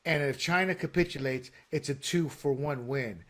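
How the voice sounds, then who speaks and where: A man co-hosting a casual political talk show, excitable and stumbling over fillers and restarts as he argues his points. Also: medium pitch, normal speed. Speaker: podcast co-host.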